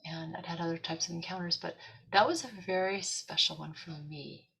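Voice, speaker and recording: A woman talking as a guest on a chat show, telling a story in an animated way and acting out what people said. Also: fairly low pitch, normal speed, creaky, slight background noise, poor audio. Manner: animated, acts out quotes.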